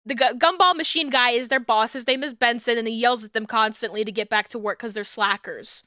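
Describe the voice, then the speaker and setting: A young woman streamer rambles through a casual chat, giggling and swearing as she goes. Her voice sits high and clean, and she takes an unhurried pace. The sound is dry and close, with no room around it. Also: pushed and bright, no echo.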